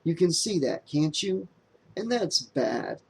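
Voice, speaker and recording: A man doing a smooth, easygoing young guy. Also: a little high, big pitch swings, takes it slowly, exaggerated voice. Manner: smooth, casual and lightly raised. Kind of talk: audiobook character voice.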